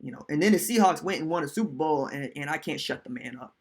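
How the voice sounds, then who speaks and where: A man hosting a live-stream sports podcast in casual, animated chat, reading viewer comments aloud. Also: fairly high pitch, quick pace, husky. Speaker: podcast host.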